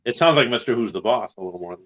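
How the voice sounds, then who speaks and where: A man's voice: medium pitch, very fast. Playful man, dull lo-fi audio. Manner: playful, laughs, lively intonation. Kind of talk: casual livestream chat.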